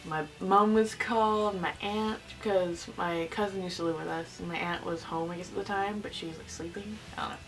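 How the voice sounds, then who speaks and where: Teen girl vlogger, chatty and giggly, full of fillers; distant camera mic with soft music. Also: on the low side, steady tone, normal speed, few pauses. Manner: rambling, giggly, lots of fillers. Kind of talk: casual storytelling.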